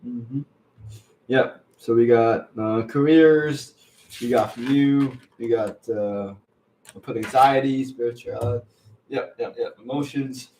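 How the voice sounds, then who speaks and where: A man hosting a casual live stream, talking earnestly and haltingly, repeating himself and getting teary. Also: medium pitch, fairly even intonation, a little mellow, roomy sound, distant mic, slight background noise. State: teary, emotional.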